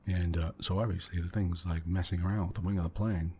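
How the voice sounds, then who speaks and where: A man hosting a soft-spoken ASMR gaming video, rambling through a story in a quiet, meandering way with little chuckles. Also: low-pitched, fairly even intonation, fast, slight background noise. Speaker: ASMR gaming channel host. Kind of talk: soft-spoken ASMR let's play chat.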